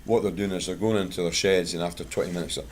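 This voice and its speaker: Racing along in a low voice with fairly even intonation, a Scotsman addresses a bird club as its guest speaker over slight background noise. His talk is chatty and plain-spoken, blending anecdotes with advice on products.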